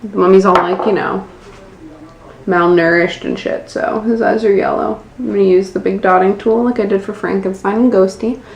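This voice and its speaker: Her mid-range voice is steady, with vocal fry and lo-fi sound, at a normal speed. This American woman in her twenties talks through a laid-back nail art tutorial, joking at her own expense and swearing casually, in an echoey room with faint background noise.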